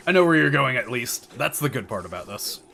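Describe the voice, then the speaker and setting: Lively, chatty male game streamer. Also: mid-range voice, brisk, creaky, a little hiss or hum. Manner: chatty, swears when hit, explains tactics. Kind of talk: casual gameplay commentary. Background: game music.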